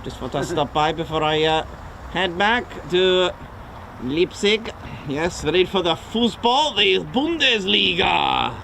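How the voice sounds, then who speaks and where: A man's voice: high-pitched, animated, slow pace, vocal fry, sharp tone, a little hiss or hum, full character voice. A man voicing a cheery German man heading home for the football, with a German accent and stiff, formal phrasing. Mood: cheerful.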